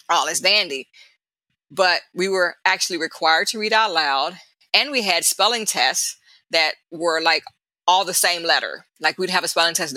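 Woman, middle-aged, interview guest, lively personal storytelling, acts out quotes, bright tense voice, dry close sound. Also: fairly low pitch, no echo, poor audio. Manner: animated, laughing storyteller who acts out voices; casual and chatty, addresses the hosts directly.

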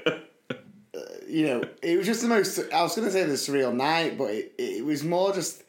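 A man, a bit higher-pitched than most, telling a funny story on a podcast. He talks in an animated way and slips into his mates' voices. The sound comes from a room with an echo. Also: moderate pace. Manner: animated storyteller, mimics friends. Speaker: podcast co-host. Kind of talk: casual chat.

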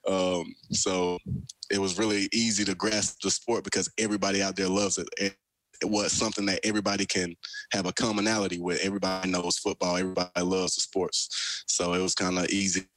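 A young man with a low voice and a drawl tells stories with lively energy, laughing now and then. He sounds dry and close, with no room around him, as a radio interview guest. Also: brisk, dry recording, rough recording. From Alabama, US South. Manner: energetic storyteller, laughs often. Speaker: football player guest.

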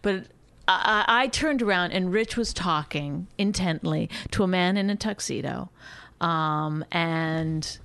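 A woman's voice: fairly low pitch, measured pace, creaky, clean tone, dry recording. Teasing woman podcast host, dry studio sound. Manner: teasing, animated storytelling with mocking impressions. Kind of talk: casual banter. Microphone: studio microphone.

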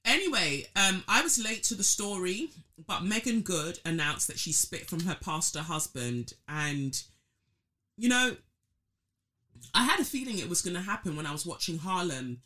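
Bright-voiced woman musing aloud. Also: lowish voice, lively intonation, normal speed. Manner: reflective, thinking aloud with many fillers. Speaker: podcast host. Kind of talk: casual solo commentary.

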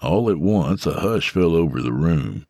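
A man narrating a scripted story in a dramatic, measured way. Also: low-pitched, animated, darkish tone, husky, dry recording, clean studio sound.

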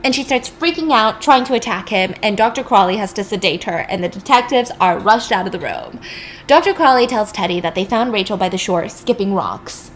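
A woman's voice: medium pitch, animated, fairly quick, a little hiss or hum. A young woman casually retelling a film's plot with chatty, wry, sarcastic asides. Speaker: storyteller. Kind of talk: casual film recap.

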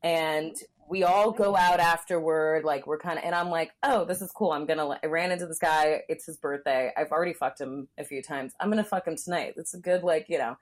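A frank, chatty woman from Southern California tells a story as a podcast guest. She speaks bluntly and keeps slipping in "like," with a slightly low voice for a woman. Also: a little fast, hardly any pauses. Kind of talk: candid conversational storytelling.

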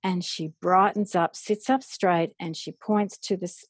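A middle-aged woman, a parent educator, telling stories in an animated way and acting out remembered dialogue. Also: lowish voice, unhurried, breathy edge, no room sound. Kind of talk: storytelling in a podcast interview.

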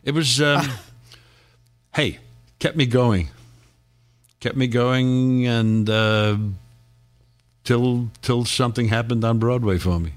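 A man's voice: mid-range voice, slow, pauses often, soft background music. An older man, a guest actor, reminiscing in a casual interview, rambling through stories and chuckling often.

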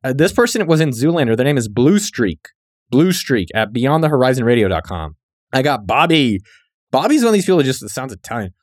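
A young man runs through listener shout-outs with a playful, joking edge, his pitch leaping around as he riffs. The sound is dry and close, with no room around it. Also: very animated, no echo. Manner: joking, riffing, quick asides. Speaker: podcast host.

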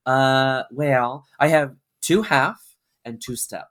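Chatty male drag performer, bright tone. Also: medium pitch, takes it slowly. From Washington State, USA. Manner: chatty, rambling, self-deprecating. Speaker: podcast guest, drag performer. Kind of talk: casual chat.

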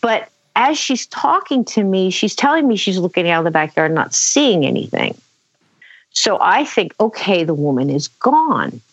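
A woman telling a personal story in conversation, animated, acting out quotes, with many fillers. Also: mid-range voice, moderate pace, no room sound. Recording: dull lo-fi dry sound.

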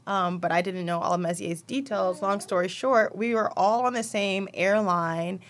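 A young woman chatting on a podcast about family life, open and a bit rambling. Her voice sits at a medium pitch, and she talks from the heart about her kids. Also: fairly even intonation, moderate pace. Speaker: podcast co-host. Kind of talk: casual chat.

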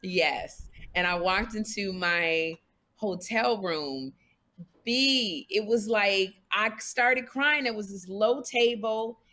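A woman co-hosting a casual chat, telling a personal story with slow, drawn-out emphasis. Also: mid-range voice, sharp tone. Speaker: co-host.

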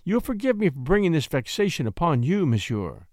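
Man doing a scared gentle young lady, soft and pleading, kinda high voice. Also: very animated, brisk, no room sound, studio quality. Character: frightened gentle young noblewoman.

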